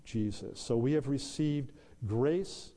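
Slow, mellow-voiced preacher in a reverberant hall. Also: male voice, medium pitch. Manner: slow, deliberate preaching with emphatic pauses. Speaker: pastor. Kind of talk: sermon.

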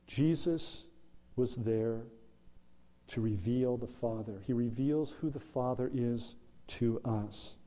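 A man preaching a sermon as pastor, slow and deliberate, with emphatic pauses. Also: medium pitch, mellow. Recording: long hall reverb.

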